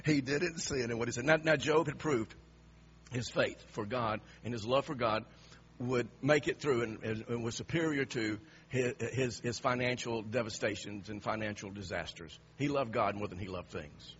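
A man preaching a sermon, dropping to hushed lines and then rising to emphatic, raised passages. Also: medium pitch, normal speed, lo-fi sound, a little hiss or hum.

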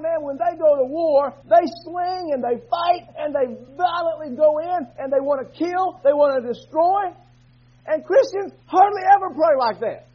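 Fervent high-voiced husky male preacher. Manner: fervent, swings from quiet talk to shouting. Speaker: pastor. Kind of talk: sermon. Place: church. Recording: dull lo-fi recording.

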